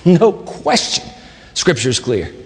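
A man preaching a sermon as pastor, dramatic, swinging between loud emphasis and hushed low asides. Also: huge pitch swings, takes it slowly, creaky. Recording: long reverb of a large hall.

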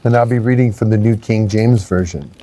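A man in a Bible study group reading a scripture passage aloud in a measured way. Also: fairly low pitch, mellow, a little hiss or hum.

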